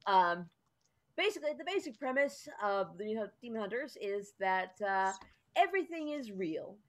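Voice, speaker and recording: A woman's voice: medium pitch, sing-song, moderate pace. A woman running a tabletop game as game master, explaining the rules in a chatty way with lots of ums.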